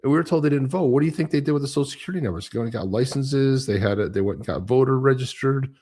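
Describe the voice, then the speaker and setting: A man's voice: mid-range voice, expressive, rapid-fire, a little mellow, husky. A man co-hosting a livestream, chatting about politics in a boisterous, jokey, sarcastic way. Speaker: livestream co-host. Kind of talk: casual political chat.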